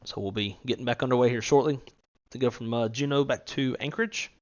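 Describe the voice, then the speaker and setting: A man's voice: medium pitch, quick pace, dull audio. Laid-back man co-hosting a flight-sim stream. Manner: relaxed, laughing, swears casually. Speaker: stream co-host. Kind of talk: casual live-stream chat.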